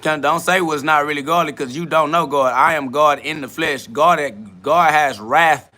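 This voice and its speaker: A man's voice: fairly high pitch, normal speed, sharp tone. A young man hosting a podcast, answering live chat in a blunt, profane, lecturing monologue. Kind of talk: preachy live-stream monologue.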